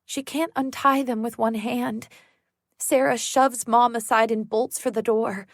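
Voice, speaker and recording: Woman audiobook narrator, tense first-person thriller read, slow pace, dry sound. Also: fairly high pitch, steady tone, no echo.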